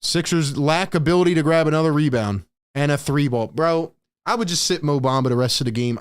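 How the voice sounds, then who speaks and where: A man's voice: fairly high pitch, fairly quick, clear, resonant tone. A young American man hosting a live stream, calling the plays and venting his frustration to the chat in blunt, casual slang. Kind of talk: live play-by-play and reaction stream.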